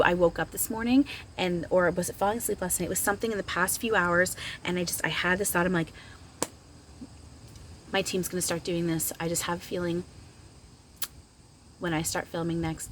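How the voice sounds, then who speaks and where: Rambling, giggly woman vlogger with a low voice, casual channeler. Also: a little hiss or hum, low-quality recording. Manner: rambling, chatty, giggly with many fillers. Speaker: spiritual channeler. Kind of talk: casual vlog monologue.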